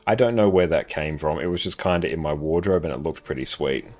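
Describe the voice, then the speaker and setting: A man with a South Australian accent giving casual live commentary while playing a game and reading chat, with relaxed, dry joking asides. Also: extremely low pitch, brisk.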